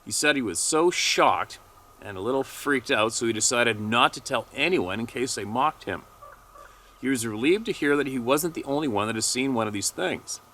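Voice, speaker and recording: A man hosting his channel, reading a submitted account aloud at a steady pace with small stumbles and self-corrections. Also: mid-range voice, normal speed. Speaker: channel host reading a listener's story.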